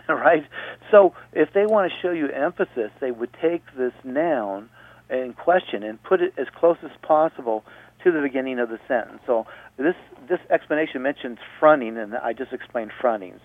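A male radio host explains grammar step by step, patiently repeating points to be sure his audience keeps up. His voice is mid-range, and the recording is dry and phone-like.

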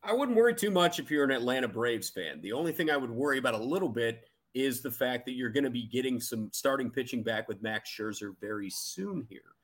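A man's voice: medium pitch, animated, fairly quick. A man co-hosting a baseball podcast, giving emphatic, opinionated takes in casual chat. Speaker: podcast co-host.

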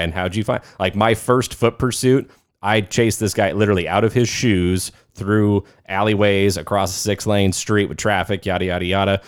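Low-pitched male host, casual, profane, loose storyteller. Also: steady tone, moderate pace, no room sound, studio quality. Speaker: podcast host. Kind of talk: casual podcast chat.

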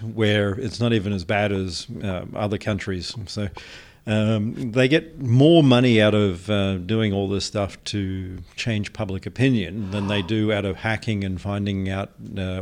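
Podcast guest, man, low voice, measured and pausing. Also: fairly even intonation. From Australia. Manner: measured explaining with many "um" pauses. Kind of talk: conversational interview.

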